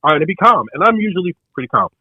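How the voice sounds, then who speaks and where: With a high pitch and a breathy edge, the hosts' father, an older man, excitedly recounts a story in casual talk, quickly acting out what others said. The recording is dry and sounds like a phone line.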